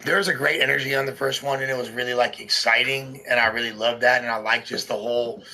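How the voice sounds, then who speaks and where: A man in casual livestream chat, relaxed and rambling, talking in slang. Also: medium pitch, quick pace, low-quality recording.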